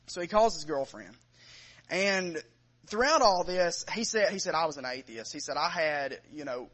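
A preacher, a man with a slightly raised pitch, tells a conversion story to his congregation. He slips into the quoted voices and drops them low and quiet, then swells again when he returns to his own narration. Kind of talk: sermon storytelling.

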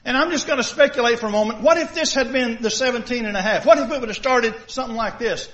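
High-voiced man preaching, dull lo-fi sound. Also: fast, a bit bright. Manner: conversational preaching full of rhetorical questions. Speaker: pastor. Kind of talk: sermon. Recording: dull lo-fi recording.

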